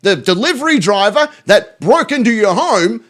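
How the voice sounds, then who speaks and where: Australian male host, high and animated voice, crude mocking rants, heavy swearing. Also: moderate pace. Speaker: show host reacting to clips. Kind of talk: profane reaction commentary.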